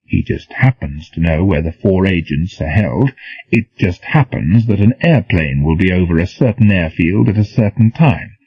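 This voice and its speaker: Man reading a sarcastic young officer, scornful, suspicious, low husky voice, dry lo-fi audiobook sound. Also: expressive, moderate pace, no echo, heavily acted. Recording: dull, dry, lo-fi.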